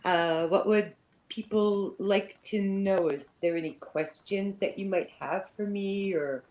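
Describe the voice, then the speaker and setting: A woman's voice: medium pitch, takes it slowly, a little mellow, poor audio. A Canadian woman with a slight French-Canadian accent, hosting her first livestream in a hesitant, filler-filled, grateful way. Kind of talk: casual live-stream chat.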